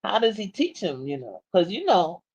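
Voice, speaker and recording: Lively, chatty woman on a dull lo-fi line. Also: medium pitch, normal speed, slightly rough. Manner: animated, laughing, repeats words and restarts. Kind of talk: casual chat. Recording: dull lo-fi sound.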